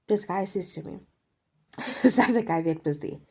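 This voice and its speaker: A woman giving a passionate personal faith testimony, dropping to hushed whispers and then pressing hard on her points. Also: mid-range voice, expressive, brisk, creaky, breathy edge. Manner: passionate, emphatic, swings between hushed whispers and forceful stresses. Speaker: Christian speaker sharing a testimony.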